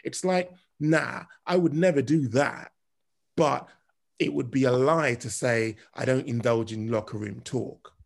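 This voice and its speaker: A man co-hosting a casual podcast, explaining his view in a measured, reasoned way. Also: medium pitch, steady tone, vocal fry. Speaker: podcast co-host.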